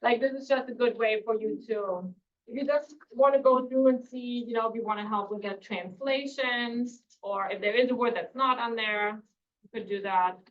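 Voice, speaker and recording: A German teacher leads a beginner language class, her slightly high voice at normal speed, patiently repeating words and using plenty of fillers. The classroom recording is dull and lo-fi, taken from a distant mic in an echoey room.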